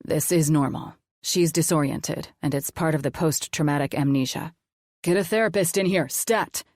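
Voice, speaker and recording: A woman voicing a calm, gentle male doctor in an audiobook, speaking softly and steadily to reassure. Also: low voice, moderate pace, no echo, studio quality. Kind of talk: audiobook character voice.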